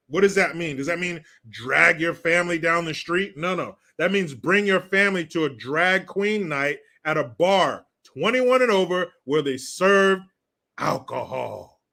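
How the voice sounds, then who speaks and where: A man's voice: high-pitched, bright, forceful tone. A man hosting a live stream, ranting through political commentary in a crude, sarcastic way and swearing freely. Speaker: livestream host.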